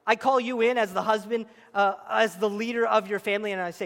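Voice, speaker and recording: Pastor guy preaching, acts out the bible voices, real high voice, big echoey church. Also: fast talker, vocal fry. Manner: animated, acts out scripture voices. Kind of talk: sermon. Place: church auditorium. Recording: echoey hall.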